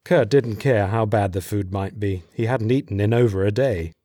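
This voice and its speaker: A man narrating an audiobook in a steady, measured voice. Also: lowish voice, no room sound, studio quality.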